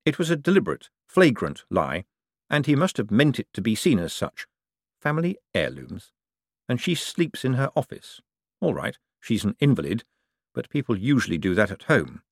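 A man reading a novel aloud as audiobook narrator in a steady, dry storytelling manner. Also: medium pitch, normal speed, gravelly, no echo. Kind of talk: scripted narration.

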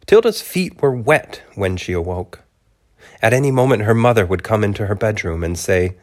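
A man with a cold, hosting a podcast from a home studio and reading a storybook chapter aloud in a relaxed way. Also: on the low side, moderate pace. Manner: relaxed, with fillers and soft laughs. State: has a cold. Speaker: podcast host and narrator. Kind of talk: casual appeal and storybook narration.

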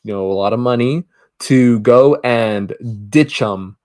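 A man in casual podcast chat walks through a film's story in a loose, rambling way, doubling back on his words and stopping to restart sentences. His voice sits at an ordinary middle pitch and his tone stays relaxed and conversational. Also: measured pace. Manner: rambling retelling with many restarts. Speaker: podcast co-host. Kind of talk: casual movie review chat.

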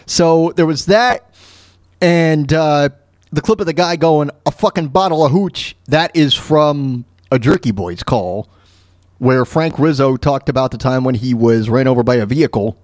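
Male comedy podcast host, rambly and offhand, slightly high voice, dry close-miked sound. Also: darkish tone, no echo. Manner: rambling, lots of fillers and restarts. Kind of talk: casual comedy monologue.

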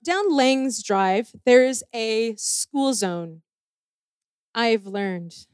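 A woman shares a personal testimony in a lively, self-deprecating way and acts out the people in her story. Her voice sits fairly high, and she takes her time. The sound is dry, with no room echo. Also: clean tone. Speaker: speaker sharing a personal testimony.

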